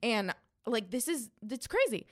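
A young woman co-hosting a podcast, telling a long story in a casual, animated way, swearing often and acting out what people said. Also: fairly high pitch, unhurried. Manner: animated, profane storytelling with quoted voices. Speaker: podcast co-host.

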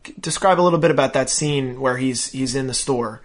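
Animated man recapping a show. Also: mid-range voice, fairly quick. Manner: animated, acts out characters' lines in raised voices. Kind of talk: casual chat recapping a show.

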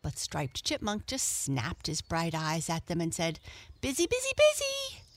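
A woman storyteller reading a children's story aloud in a gentle, expressive way. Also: deep voice, unhurried, slight background noise.

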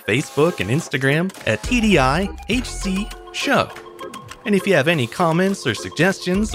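A man hosting a history podcast, reading a scripted story in a wry, storytelling way. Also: a little high. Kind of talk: scripted narration.

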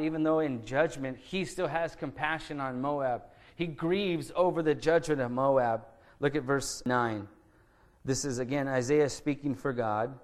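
Man preaching verse by verse. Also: medium pitch. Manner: reads scripture aloud slowly, then explains it conversationally; rhetorical questions to the congregation. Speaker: pastor. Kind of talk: expository sermon.

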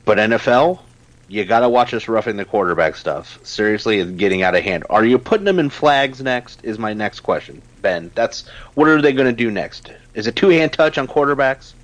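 A man co-hosting a podcast, talking casually and ranting with emphatic, animated energy. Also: on the low side, moderate pace, no room sound, low-quality recording. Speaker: podcast co-host.

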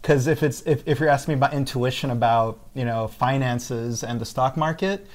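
A man's voice: mid-range voice, a little fast. A man talking candidly and reflectively in a casual podcast chat, often repeating words as he starts a thought.

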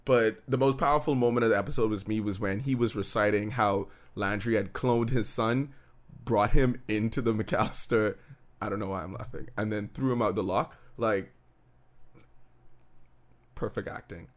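A man's voice: lowish voice, moderate pace. Man in profane, joking casual banter. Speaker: podcast co-host. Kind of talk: casual chat reviewing a TV episode.

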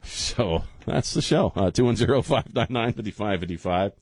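A man's voice: on the low side, animated, normal speed, creaky, husky, dry recording, clean studio sound. A man hosting a call-in radio show, joking and laughing often as he gives blunt opinions. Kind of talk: casual call-in radio talk. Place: radio studio.

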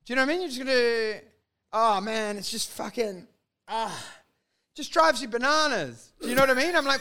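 A man with an Australian accent, a stand-up comedian telling profane, animated stories in casual podcast chat. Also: extremely high pitch, brisk.

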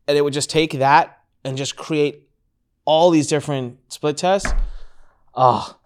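A man hosting a casual business talk, telling stories with lively acted-out quotes. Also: normal speed. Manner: animated storyteller, acts out quotes with big pitch jumps. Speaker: podcast host.

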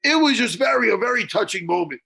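A raspy, high-pitched man rattles through a movie recap with big swings in his voice and a gravelly edge. He swears freely and keeps breaking into loud laughter as he talks. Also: fast. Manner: excitable, swearing, retelling movie scenes with bursts of loud laughing. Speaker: podcast co-host. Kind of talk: casual chat.

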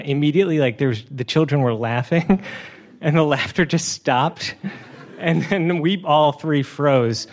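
A young man telling a funny personal story on a stage, chatty, full of "uh" and "like", laughing as he goes. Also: medium pitch. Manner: chatty, many "uh" and "like" fillers, laughing through the story. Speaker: storytelling contestant. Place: stage before a live audience.

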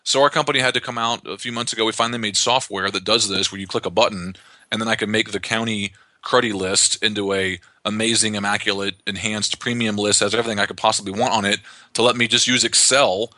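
Male real estate investor guest, quick, sharp-toned, rambling explainer. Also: on the low side, no room sound. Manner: fast, animated explainer with frequent restarts. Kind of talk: conversational podcast interview.

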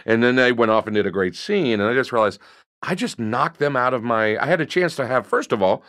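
A guest improv comedian chats casually about improv, telling animated stories and leaping into high-pitched voices to play characters. His tone is brisk, clear and resonant, recorded cleanly in a studio without echo.

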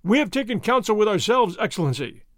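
A man voicing the proud leader of young noble horsemen, speaking sternly and forcefully. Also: high-pitched, very animated, quick pace, no room sound, clean studio sound.

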